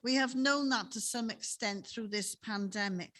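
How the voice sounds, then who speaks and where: A woman's voice: on the high side, normal speed, fairly bright tone. A woman giving a sermon in a chapel, telling stories in a conversational way and often ending on tag questions. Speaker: preacher.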